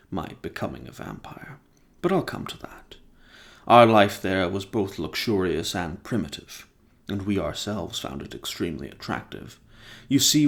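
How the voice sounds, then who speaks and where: A man voicing a calm, gentle male vampire centuries old, soft and measured, in a casual novel reading. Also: sits low, creaky, heavily acted.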